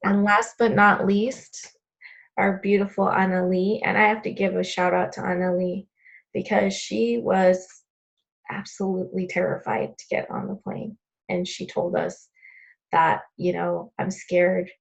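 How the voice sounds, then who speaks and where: A woman's voice: mid-range voice, little pitch movement, a little slow, vocal fry, highs cut off. A woman hosting a video call, thanking members and retelling their stories with frequent laughs. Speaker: host of a team call. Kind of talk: casual chat.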